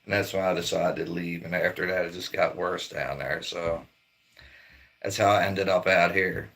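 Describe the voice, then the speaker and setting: Middle-aged livestream host from Maryland, low gravelly voice, rambling and swearing. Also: male voice, steady tone, moderate pace, a bit bright. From Maryland, near Baltimore. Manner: rambling, laid-back, swears a lot. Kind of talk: casual livestream chat.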